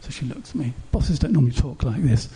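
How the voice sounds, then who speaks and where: A man's voice: mid-range voice, big pitch swings, fast, warm tone, slightly rough. A male pastor preaching a sermon, building his points through repeated rhetorical questions in an earnest, urging way.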